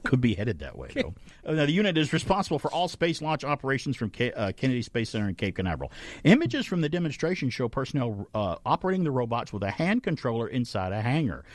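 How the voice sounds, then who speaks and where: Man, radio host, animated pitch, dry close mic, casual news chat. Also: quick pace, no room sound. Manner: animated, reads news items aloud with asides and laughs.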